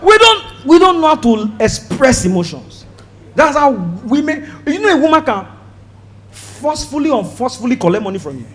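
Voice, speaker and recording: High, shouting Nigerian stand-up comic. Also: male voice, normal speed, slight background noise. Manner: loud, animated, acts out voices, shouts punchlines. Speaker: stand-up comedian. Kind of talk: stand-up comedy set. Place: stage before a live audience.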